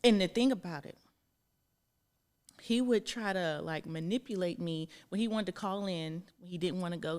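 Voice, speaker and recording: Frank, exasperated woman with a lowish voice. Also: moderate pace, darkish tone. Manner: frank and exasperated, swears freely. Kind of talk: casual chat.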